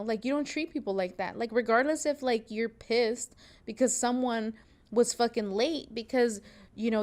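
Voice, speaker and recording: Slightly high with a darkish tone, this young woman's voice carries her podcast from a sewing studio. A seamstress and host, she spins a casual, profane story and acts out people's lines.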